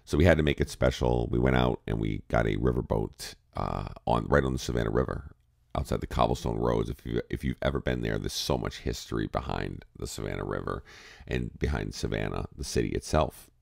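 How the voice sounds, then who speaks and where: A man's voice: extremely low pitch, fairly quick, gravelly, dry recording, clean studio sound. A man from New England hosting a casual morning podcast chat, groggy with his morning voice, rambling and heartfelt. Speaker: podcast host.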